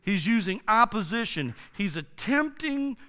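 A male pastor delivers a relaxed, slangy sermon and swings from big excited bursts to hushed asides. His voice sits high, bright and ringing clear. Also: a little slow. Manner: enthusiastic, informal, slangy, dramatic swings in loudness. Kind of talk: casual sermon.

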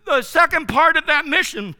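A man preaching a sermon as pastor, slow and emphatic, stretching key words. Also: extremely high pitch, expressive, bright, forceful tone.

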